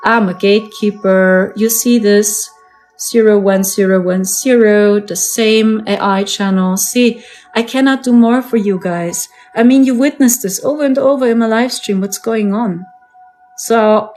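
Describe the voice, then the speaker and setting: A woman's voice: mid-range voice, darkish tone. A woman with a German accent, a native German speaker, talking earnestly and repetitively to viewers in a live-stream monologue. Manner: earnest, repetitive, emphatic phrasing.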